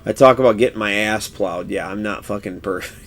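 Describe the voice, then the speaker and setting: A man's voice: fairly low pitch, gravelly. A man in his thirties streaming a game, chatting casually, rambling and cursing freely with frequent laughs. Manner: laid-back, rambling, swears freely, laughs often. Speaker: gaming streamer. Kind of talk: casual live-stream chat while playing.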